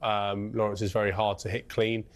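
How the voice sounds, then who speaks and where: Low flat voice guy on sports radio, kinda halting, trips over his words. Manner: halting, repeats himself. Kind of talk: radio chat.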